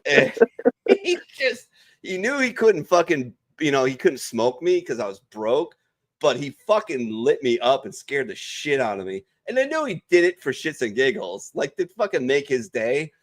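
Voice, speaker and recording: A young adult man swaps barracks stories over a video call, cursing freely and animating every turn. His voice sits at an ordinary male pitch, loose and conversational. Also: moderate pace. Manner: profane, animated storyteller. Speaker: veteran panelist. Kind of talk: casual storytelling chat.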